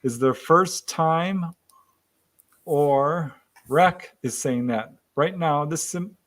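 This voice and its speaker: A man guides a hypnosis session with calm, gentle questions. His voice sits a little higher than most men's, and he keeps his prompts short and patient. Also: extremely slow. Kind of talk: replaying a hypnosis session recording.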